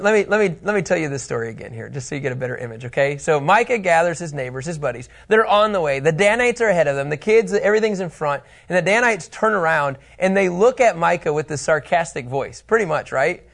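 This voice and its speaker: A man's voice: high voice, lively intonation, fairly quick, creaky, fairly bright tone. A man teaching a Bible lesson in a casual, joking way, laughing often.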